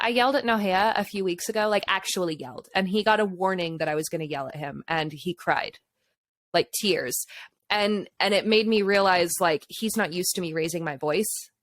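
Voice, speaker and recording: A woman's voice: lowish voice, a bit bright, no echo. A woman guest on a podcast, a mother of young children, talking frankly in casual chat, swearing freely and laughing often.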